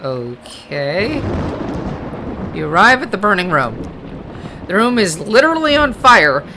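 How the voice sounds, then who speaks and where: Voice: mid-range voice, big pitch swings, measured pace, background noise. A gamer reading a card game's text aloud, breaking into hesitant casual asides and self-corrections. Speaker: let's play gamer. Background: game music.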